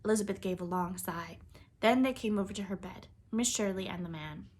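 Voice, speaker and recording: A woman narrating a classic children's novel in an even, expressive storybook reading. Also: medium pitch, a little fast, slightly rough. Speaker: audiobook reader.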